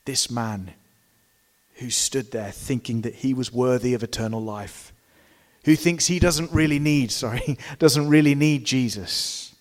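Guy preaching a sermon, middle pitch, leans hard on words then goes quiet, long church echo. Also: a little slow. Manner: emphatic, swings between loud stresses and quiet drops.

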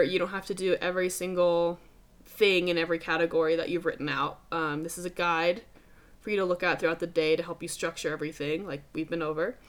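A young adult woman with a lowish, fairly bright voice hosts a casual motivational podcast. She talks emphatically, swears freely, and calls her listeners dude.

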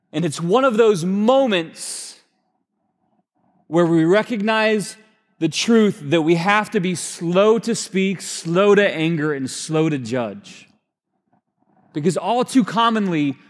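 High-voiced man preaching in a reverberant hall. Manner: storytelling, drops to a hushed voice for emphasis; conversational, with frequent fillers and restarts. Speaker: pastor. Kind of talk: sermon. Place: church sanctuary.

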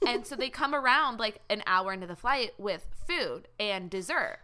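A woman's voice: mid-range voice, animated, moderate pace, bright, forceful tone. A young woman in a casual chat, telling a funny anecdote with a playful, giggly manner.

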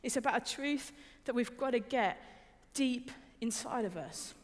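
A woman's voice: fairly high pitch, a little slow. Young woman preaching in a reverberant hall. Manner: informal and personal, repeats words, asks the listeners questions. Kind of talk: conversational sermon.

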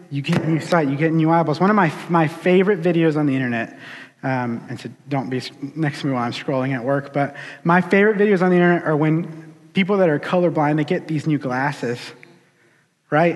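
A man preaching a sermon in a casual, animated storytelling way. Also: a little high. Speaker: pastor. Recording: long hall reverb.

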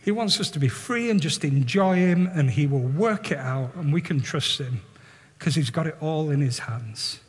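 High-voiced preacher in a big hall. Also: male voice, moderate pace, husky. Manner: animated and earnest, with repeated words. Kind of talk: sermon with storytelling.

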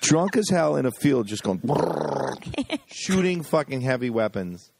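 A man telling profane, laughing comedy stories in casual chat, loudly acting out the people he quotes. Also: medium pitch, normal speed, vocal fry, noisy background. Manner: profane, laughing, animated storyteller who yells out quoted voices. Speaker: comedian podcast host.

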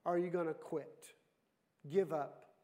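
A man preaching a sermon as pastor, lively and full of questions put to the congregation. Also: on the high side, unhurried. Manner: lively, asks the audience questions.

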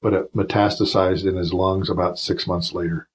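A retired officer in his fifties tells long stories as a podcast guest, wandering through asides and restarts and turning emotional. His voice sits low. It has a husky, slightly rough grain. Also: level tone, normal speed, rough recording. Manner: rambling, emotional anecdotes with many restarts. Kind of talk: storytelling in a casual interview.

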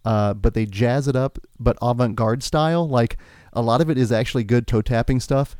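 A podcast co-host with a mid-range, somewhat dark voice talks at a normal pace about music, casual and enthusiastic, rambling and often restarting. The recording is clean studio audio with no room sound.

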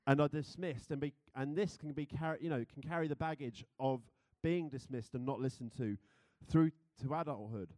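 A man's voice: medium pitch, moderate pace, few pauses, mellow, dry recording, studio quality. A young British man preaching a sermon, playful and chatty, who laughs easily and leads the congregation in a game. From Britain. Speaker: pastor.

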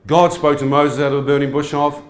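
A man preaching a testimony sermon, animated and questioning his listeners. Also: a little high, fairly quick. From New Zealand. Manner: animated, asks the crowd questions. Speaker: evangelist. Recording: echoey hall.

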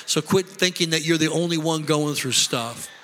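A man's voice: a little high, moderate pace, sharp tone. A middle-aged man preaching a sermon as pastor, impassioned and conversational, repeating himself for emphasis. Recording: long hall reverb.

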